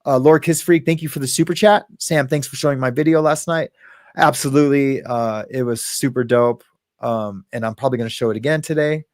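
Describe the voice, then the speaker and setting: A man hosting a casual livestream, reading viewer comments aloud and rambling with frequent chuckles and halting restarts. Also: mid-range voice, steady tone, a little mellow, no room sound, studio quality. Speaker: livestream host.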